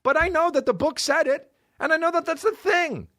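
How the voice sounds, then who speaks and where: A man hosting a comedy podcast, ranting profanely and swinging between excited highs and low mutters. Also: a little fast, no echo. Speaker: podcast host. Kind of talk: solo comedy podcast rant.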